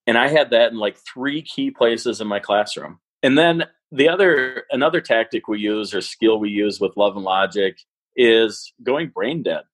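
A man's voice: on the low side, normal speed, dry recording, rough recording. A man who teaches a parenting class, telling stories in a casual chat and acting out the voices he quotes. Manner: animated, acts out quoted voices.

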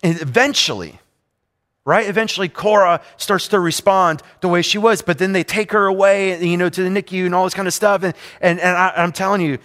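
A man's voice: sits high, fairly quick, a bit bright. A man preaching a sermon, telling a personal story in an earnest, confessional way and often repeating himself. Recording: long hall reverb.

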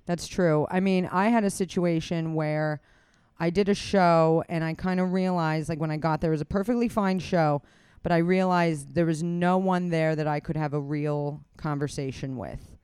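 A comedian hosts a loose, casual chat, rambling from one thought to the next and swearing freely. The voice is smooth and clear, recorded close and dry with no room sound. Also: medium pitch, fairly even intonation, moderate pace, darkish tone, dry recording. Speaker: comedian and podcast host.

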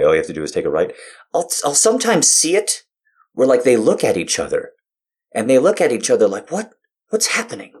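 A man's voice: on the low side, darkish tone. A man casually talking to his fans, swearing freely and making self-deprecating jokes. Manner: profane self-deprecating joking. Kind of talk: casual monologue.

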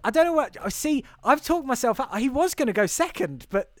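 A man's voice: very high voice, expressive, brisk, no room sound, clean studio sound. A man co-hosting a casual chat, talking in a chatty way, laughing often and restarting his sentences. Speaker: podcast co-host.

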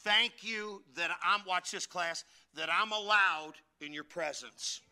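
High, bright-voiced joking preacher man. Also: takes it slowly, clean tone. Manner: animated, joking, talks to the congregation. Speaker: pastor. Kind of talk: sermon.

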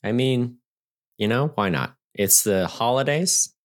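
A man's voice: medium pitch, lively intonation, unhurried. A man co-hosting a movie podcast, chatting in a laid-back, teasing way. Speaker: podcast co-host. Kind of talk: casual comedic chat.

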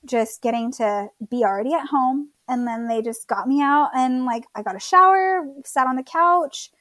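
A woman's voice: high-pitched, moderate pace, fairly bright tone, no echo. A woman in her thirties from Florida casually telling her birth story as a guest, chatty with many fillers.

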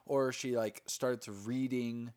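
A man's voice: medium pitch, fairly even intonation, slow, a little mellow. A man in casual conversation, talking bluntly and with a lot of swearing as he picks apart a film. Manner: profane, blunt and critical. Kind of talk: casual movie chat.

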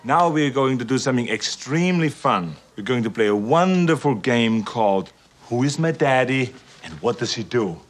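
An actor playing a stern police detective stuck teaching kindergarten, barking orders like a drill sergeant. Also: male voice, medium pitch, expressive, normal speed, natural voice. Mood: mock cheerful. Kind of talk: film dialogue clip.

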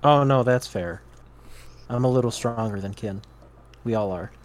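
A man's voice: medium pitch, moderate pace. A man playing a tabletop game, chatting casually and joking in mock indignation. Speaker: player.

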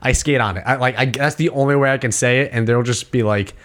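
Two or three friends chatting casually, and one young man does most of the talking. He has a New York accent and tells his stories in an animated way. He laughs often, swears freely, and his pitch sits in an ordinary middle range. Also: fast talker. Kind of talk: casual chat.

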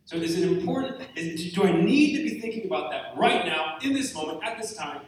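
At a retreat, a man with a high, animated voice addresses a live group a little fast, joking candidly and poking fun at himself. He is picked up by a distant mic in a large room that echoes.

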